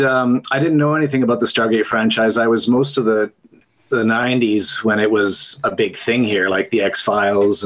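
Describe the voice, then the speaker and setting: A man's voice: mid-range voice, breathy edge, poor audio. A man telling stories with jokes as an actor on a virtual panel, heard over a video call. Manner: joking storyteller. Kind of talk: casual panel chat.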